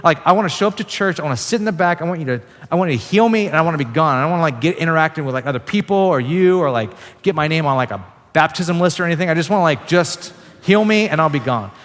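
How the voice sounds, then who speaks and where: A man's voice: on the high side, animated, fast talker, hardly any pauses, a bit bright, pitched above the performer's own voice. A man doing a whiny, pleading woman who wants to slip in, get healed and leave unnoticed, her voice pushed up well above his own and rising and falling in a long hall echo. She hurries her demands in a reluctant rush. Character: reluctant woman wanting a quick, anonymous healing.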